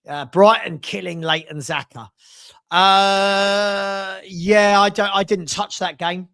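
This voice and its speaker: A man in middle age with a London accent runs a relaxed live stream, chatting between football scores and viewer messages. His voice sits high for a man. He talks in a loose, offhand way. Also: unhurried, gravelly. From South London. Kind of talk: casual live-stream chat.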